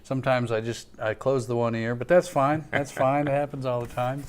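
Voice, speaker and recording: A man's voice: mid-range voice, level tone, brisk. A man hosting a live-streamed talk show, chatty and upbeat, with promotional energy. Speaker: host.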